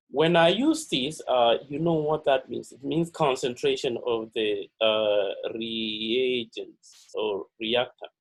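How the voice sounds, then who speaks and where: A man giving a pre-lab chemistry lecture, halting and full of "uh" and "all right" fillers, repeating key words for emphasis. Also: medium pitch, poor audio.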